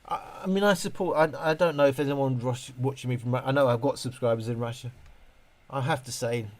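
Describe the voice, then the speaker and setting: Brisk and medium-pitched, a middle-aged host reads viewer comments on his casual live stream. His replies ramble, full of restarts as he keeps interrupting himself.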